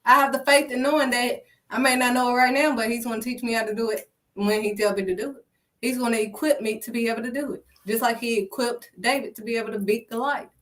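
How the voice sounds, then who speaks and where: Emphatic high-voiced woman preaching. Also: steady tone, fast talker, a bit bright, far from the mic. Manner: emphatic, punctuates points with "period"; calls listeners honey and sweetheart. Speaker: faith speaker. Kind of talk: casual preaching monologue.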